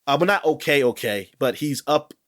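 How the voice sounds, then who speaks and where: A man co-hosting a podcast in casual chat, rambling and animated, with many fillers and restarts. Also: fairly high pitch, normal speed. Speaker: podcast co-host. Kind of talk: casual chat about sports.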